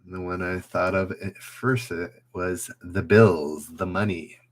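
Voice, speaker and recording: A man's voice: deep voice, unhurried. A man hosting a trivia livestream, chatting casually with viewers and thinking aloud as he reads questions.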